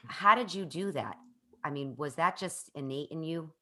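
A woman's voice: low voice, lively intonation, normal speed, bright, forceful tone. A woman hosting an interview, talking earnestly and at length, often restarting her sentences. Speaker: podcast host. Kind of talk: conversational interview.

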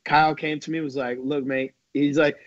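A man's voice: on the high side, fairly quick, no room sound, dull audio. A man as a podcast guest in casual chat, telling stories in a rambling way full of "like" and "you know". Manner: rambling, fillers like "like" and "you know", animated storytelling.

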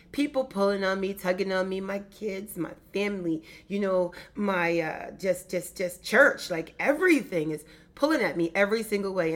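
Brief: middle-aged woman business coach, low-leaning voice, punchy and repetitive motivational delivery. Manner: emphatic, repeats phrases for effect. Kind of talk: motivational talk.

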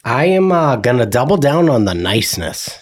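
A man's voice: mid-range voice, big pitch swings, moderate pace. A man co-hosting a podcast, talking in a nasal voice, crude and joking, trying out silly accents. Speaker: podcast co-host. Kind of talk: casual chat.

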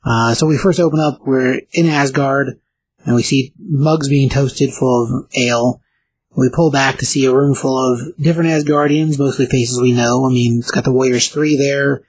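A man casually recapping a comic book issue, talking in a halting way with many filler pauses. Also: mid-range voice, fairly even intonation, slightly rough, low-quality recording.

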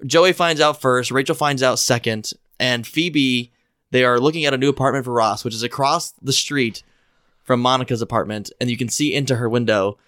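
A man's voice: mid-range voice, normal speed, a bit bright, no echo, studio quality. A man co-hosting a podcast, chatting casually and playfully, enthusiastic when retelling a favorite scene. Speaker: podcast co-host. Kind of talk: casual chat.

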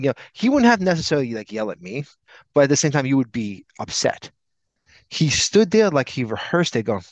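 A man's voice: medium pitch, brisk, dry recording. A man co-hosting a podcast, telling a long story in casual chat, acting out the people in it. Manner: animated, rambling anecdote with acted-out quotes. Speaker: podcast co-host. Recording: dull lo-fi, dry sound.

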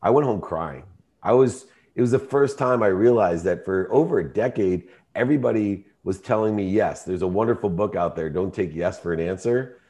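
Deep-voiced man telling an emotional story. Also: normal speed. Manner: emotional, emphatic, rising to shouting in quoted arguments. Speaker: entrepreneur guest. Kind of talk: storytelling in an interview.

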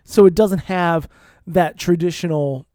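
A man's voice: on the high side, a little slow, mellow, no echo, studio quality. A man in his thirties telling a rambling, profane story in casual chat, often laughing as he talks. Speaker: podcast co-host.

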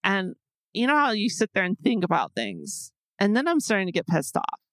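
Host, woman, lively storyteller with big pitch swings and dry close mic; acts out her own quotes. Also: moderate pace, no echo. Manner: animated, acts out her own exasperated quotes, swears freely. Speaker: podcast host. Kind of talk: casual storytelling chat.

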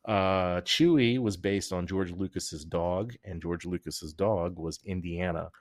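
A man's voice: deep voice, measured pace, no room sound, clean studio sound. A man hosting a podcast in casual chat, rambling and joking as he tells stories, often restarting his sentences. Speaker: podcast host.

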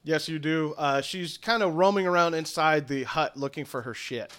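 A man runs a tabletop game as game master, casual and halting with plenty of fillers. His voice is bright and a little high. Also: clean tone.

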